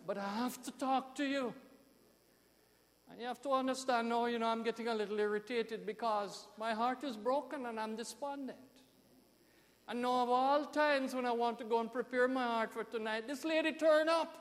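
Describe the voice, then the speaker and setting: A man with a Jamaican accent, a pastor telling a story in an animated sermon with emphatic swings in loudness. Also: extremely high pitch, a little fast, long reverb tail.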